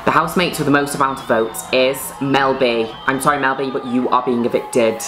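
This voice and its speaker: A woman playing a female reality-show presenter, announcing slowly and solemnly. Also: a bass voice, steady tone, fairly bright tone, soft background music, a faint crowd, low-quality recording.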